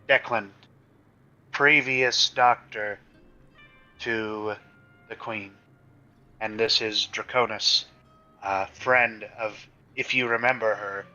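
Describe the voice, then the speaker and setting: A terse hooded adventurer, as a man puts him on, speaking slowly and haltingly. His voice is sharp and bright, and the recording sounds lo-fi with faint music behind. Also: lowish voice, steady tone, full character voice. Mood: formal.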